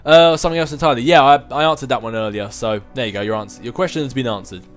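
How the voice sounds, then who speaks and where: A man's voice: medium pitch, racing, soft background music. Chatty young man, chuckling. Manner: chuckles often, rambling and self-mocking. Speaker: gaming video host answering viewer questions. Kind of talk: casual Q&A chat.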